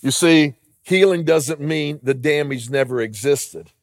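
A man's voice: on the high side, measured pace, dry recording. A man preaching a sermon as pastor, earnest and building to emphatic declarations.

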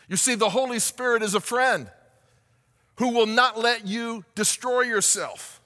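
High, bright-voiced man preaching in a hall. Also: a little slow. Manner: preaching with rhetorical questions, rising to shouts. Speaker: pastor. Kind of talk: sermon.

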